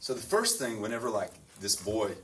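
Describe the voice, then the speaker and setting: A man, a priest speaking to a group of boys at his school, in an easygoing, rambling way full of "like" and quick laughs. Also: on the low side, big pitch swings, a bit bright, recorded from a distance, a little hiss or hum. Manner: chatty, full of "like" fillers, laughs often. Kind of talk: informal talk to a youth group. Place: boys' school in the US South.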